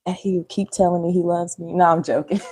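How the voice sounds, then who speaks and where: A woman's voice: fairly low pitch, little pitch movement, a little fast, darkish tone, husky. A woman chatting casually and joking with viewers during a cooking livestream. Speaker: livestream host.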